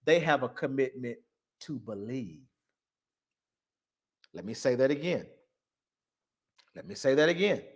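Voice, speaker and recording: Man preaching with a lively, rising voice. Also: medium pitch, normal speed, pauses often. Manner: preaching cadence, stressing words, repeating lines. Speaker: online talk host. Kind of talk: live-stream monologue on religion.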